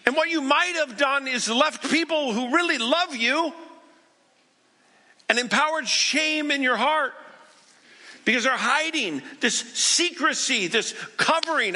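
A male pastor delivers a sermon in a high, gleaming voice with a gravelly edge. He speaks conversationally, slipping into the imagined prayers of ordinary people. The sound carries a long reverb, like a large worship hall. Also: animated, unhurried, bright, forceful tone. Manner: conversational storytelling, acting out people's inner prayers.

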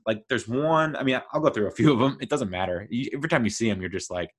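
A man's voice: mid-range voice, fast, slightly rough. A man chatting casually as he reviews a TV series, rambling and enthusiastic, with lots of fillers. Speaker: TV show reviewer.

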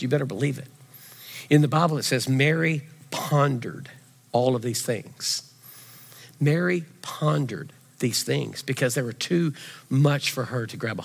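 Preaching pastor in a reverberant hall. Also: male voice, mid-range voice, slightly rough. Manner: animated preaching, swings from loud emphasis to quiet intensity. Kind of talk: sermon. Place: church sanctuary.

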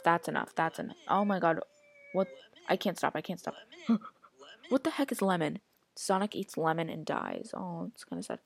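A woman's voice: lowish voice, gravelly. A woman hosting a casual solo podcast, rambling and chatty, full of "like" and reacting aloud to what she scrolls through. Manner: rambling, chatty, heavy use of filler "like". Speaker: podcast host.

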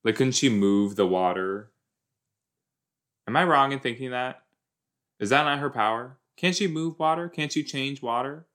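A man's voice: medium pitch, moderate pace, long pauses, a bit bright. A young man hosting a casual watch-along show, rambling and joking as he reacts to a TV episode. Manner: rambling, playful, jumps into silly put-on voices. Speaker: podcast host reacting to a TV episode.

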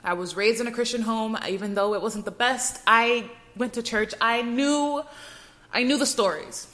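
A woman's voice: fairly high pitch, moderate pace, fairly bright tone. A young woman hosting a podcast, telling her personal faith testimony in an earnest, emotional way with frequent restarts. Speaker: podcast host.

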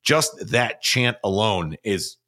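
Bright-toned man in casual podcast chat. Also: lowish voice, slow pace. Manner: excitable, rambling with fillers. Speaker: podcast co-host.

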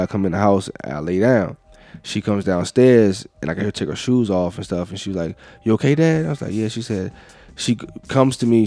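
A man's voice: lowish voice, darkish tone, no echo. A middle-aged man co-hosting a podcast, telling a long casual story full of fillers and profanity. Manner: loose, rambling storyteller with frequent profanity and fillers. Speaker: podcast co-host.

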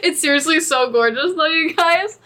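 A woman co-hosting a chatty folklore podcast, reading out legends and reacting with loud exclamations. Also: high voice, normal speed, slight background noise. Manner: animated and exclamatory, reads folklore aloud. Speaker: podcast co-host. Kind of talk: casual chat.

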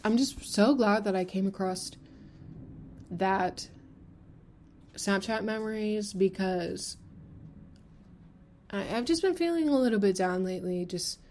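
A woman's voice: medium pitch, unhurried, long pauses, darkish tone, slight background noise. A woman in her twenties hosting a solo podcast, talking frankly and rambling, with lots of fillers and swearing. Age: 20s. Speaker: podcast host. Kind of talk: candid solo podcast talk.

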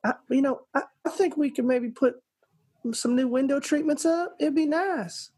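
A man voicing a gentle Southern woman with a drawl, high above his own voice. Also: moderate pace. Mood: sweet suggestion.

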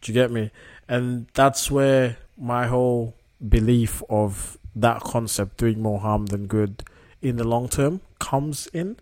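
A man's voice: mid-range voice, slow, a little mellow. A young man hosting a casual solo podcast, talking reflectively and often checking in with the listener through tag questions. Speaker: podcast host.

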